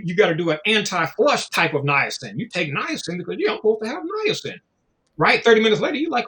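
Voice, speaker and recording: A man's voice: high voice, a bit bright. A man in casual conversation, talking in a loose, profane, preachy way and acting out little voices as he goes. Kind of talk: casual chat.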